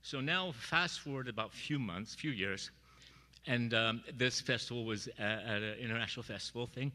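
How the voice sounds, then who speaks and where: A middle-aged man speaking at a memorial, telling personal stories in an animated way and acting out the voices he quotes. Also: medium pitch, moderate pace, big-room sound. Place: church sanctuary.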